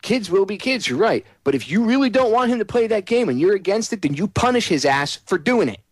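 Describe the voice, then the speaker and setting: A man's voice: high voice, big pitch swings, a little fast, no echo. A man hosting a talk radio show, ranting sarcastically in a monologue.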